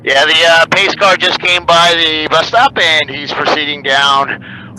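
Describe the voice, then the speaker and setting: A man's voice: fairly high pitch, measured pace, background noise. A man on a race broadcast crew, chatting and joking loosely while he sets up cameras. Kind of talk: casual chat over the broadcast.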